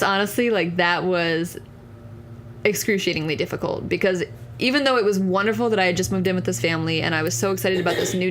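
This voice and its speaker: A young woman in her twenties speaks as a podcast guest, telling her own story in an earnest, candid way. Her voice sits on the lower side and she fills her sentences with casual "like"s. A faint hiss runs under the recording. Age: 20s. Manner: earnest, candid, frequent "like" fillers. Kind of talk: conversational personal story.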